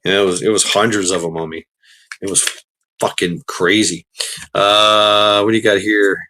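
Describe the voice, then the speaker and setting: Rambling, bright-voiced streamer man. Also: lowish voice, little pitch movement. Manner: rambling, halting, many restarts and fillers, swears freely. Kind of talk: casual rambling chat while gaming.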